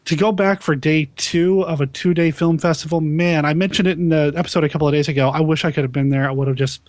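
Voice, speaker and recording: A man's voice: fairly high pitch, steady tone, fast talker, no room sound. A man hosting a podcast, chatting casually and enthusiastically, often laughing. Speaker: podcast host. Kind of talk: casual chat.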